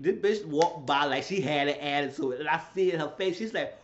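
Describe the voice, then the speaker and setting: A man casually recapping a reality show episode, telling it in an animated, profane way. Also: brisk, hardly any pauses, dull audio, a little hiss or hum. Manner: animated storytelling, shifting into high acted quotes.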